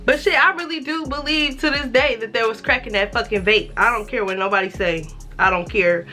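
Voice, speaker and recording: A woman in her twenties telling a casual story-time vlog, animated and profane, acting out the dialogue. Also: a little high, fairly quick, faint music behind. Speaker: vlogger.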